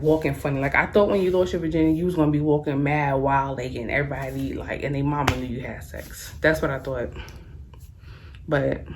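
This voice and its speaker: A woman's voice: low voice, slight background noise. A young woman vlogger telling a personal story, frank and slangy, rambling casually with lots of fillers. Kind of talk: storytime vlog.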